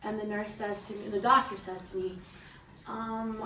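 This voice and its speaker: A woman's voice: mid-range voice, little pitch movement, normal speed, bright, forceful tone. Woman telling a heartfelt story in a roomy space. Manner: earnest, heartfelt, frequent restarts and asides to listeners. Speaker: mother sharing a testimony. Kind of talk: emotional personal storytelling. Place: room with a small gathered group. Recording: roomy, distant mic with faint background noise.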